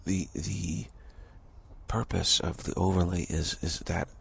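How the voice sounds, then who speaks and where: A man giving a slow, contemplative spiritual talk, halting and repeating words, his voice rough with early morning. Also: deep voice, fairly even intonation, a bit bright. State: early morning voice, clearing throat. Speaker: spiritual teacher.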